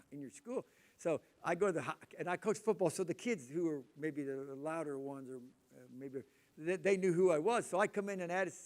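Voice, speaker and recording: This casual sermon comes from an older preacher with a drawl whose voice sits a little high for a man. He rambles, trips over and repeats his words, and keeps breaking off to put questions to the room.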